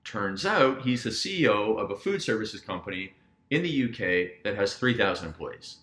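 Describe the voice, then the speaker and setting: Bright-voiced man telling animated stories. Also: fairly low pitch, normal speed. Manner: animated, acts out quoted dialogue. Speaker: guest business coach. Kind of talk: casual podcast storytelling. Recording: roomy echo.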